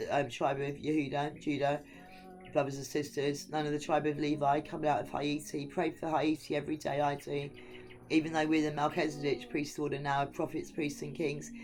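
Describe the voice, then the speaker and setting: A woman from Western Australia giving a rambling scripture reading and commentary as a Bible teacher, digressing often and chatting with lots of ums. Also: low-pitched.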